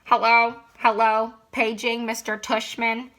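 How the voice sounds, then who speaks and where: A woman reading a storybook aloud, voicing a playful father who loves to joke, upbeat and excited. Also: a little high, takes it slowly. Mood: joking. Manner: jokey and upbeat. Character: playful, joking father in a car.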